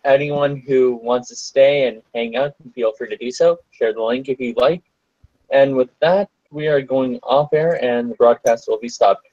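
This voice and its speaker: Man, show host, mid-pitch, relaxed sign-off, lo-fi dry sound. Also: normal speed, no echo. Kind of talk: live-stream sign-off.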